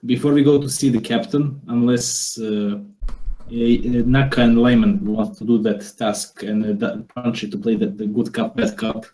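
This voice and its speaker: A man's voice: mid-range voice, fairly even intonation, moderate pace, warm tone, poor audio. A man playing a tabletop game, speaking hesitantly with many fillers. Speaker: player. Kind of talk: casual tabletop play.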